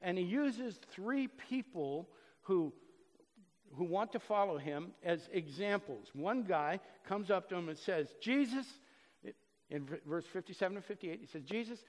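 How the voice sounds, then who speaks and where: A man preaching a sermon earnestly, swinging between loud emphasis and soft, low passages. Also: expressive, measured pace. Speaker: pastor. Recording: long reverb of a hall.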